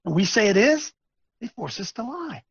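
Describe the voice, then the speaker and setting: Gravelly man ranting with emphatic repetition. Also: high-pitched, big pitch swings, normal speed, dry recording. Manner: emphatic, repetitive, swings between shouting and muttering. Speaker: webcast host. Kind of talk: preachy ranting commentary. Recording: dull lo-fi dry recording.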